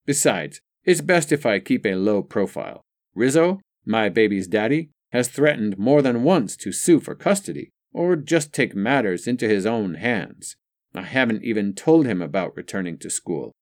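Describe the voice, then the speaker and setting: A man's voice: fairly low pitch, animated, normal speed, close to an everyday voice. A male narrator voicing a frank, wry young single mother in an audiobook story.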